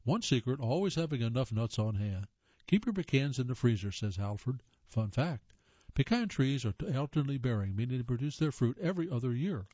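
A man's voice: medium pitch, expressive, brisk, dark tone, no echo. A man reads short magazine pieces aloud in an easy, conversational way. He drops in his own offhand remarks and corrects himself as he goes. The recording is dry and a bit muffled. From American South. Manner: reads aloud with casual asides and self-corrections. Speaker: reader. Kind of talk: reading magazine items aloud.

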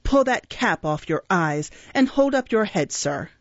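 Woman doing a pompous, gruff parish beadle. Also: mid-range voice, sing-song, a little slow, no echo. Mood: stern. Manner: stern, blustering, scolding. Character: pompous stern middle-aged male parish beadle. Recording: dull, dry recording.

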